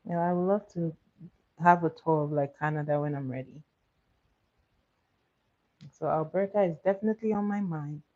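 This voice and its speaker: A woman's voice: low-pitched, normal speed, long pauses. Chatty woman on a makeup livestream. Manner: chatty, answers viewers' comments, laughs often. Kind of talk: casual live chat while doing makeup. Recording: slightly muffled, dull sound.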